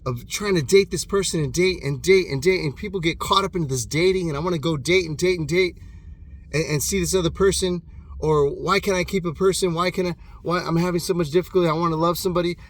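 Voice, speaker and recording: A man in his thirties giving an impassioned, profane motivational monologue alone in his room, swinging between loud bursts and hushed intensity. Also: on the high side, quick pace. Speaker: motivational vlogger.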